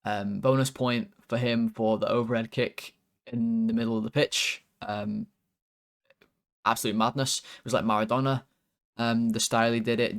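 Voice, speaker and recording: A man's voice: lowish voice, fairly bright tone. A man hosting a fan channel, rating players in a casual, rambling, exasperated way with lots of fillers.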